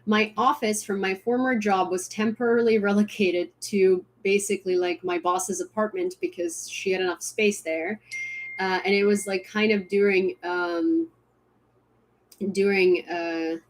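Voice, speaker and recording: A woman's voice: mid-range voice, unhurried, slight background noise. Young woman streamer from Ukraine, rambling, filler-heavy casual chat. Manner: rambling, many fillers and restarts. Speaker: livestream host.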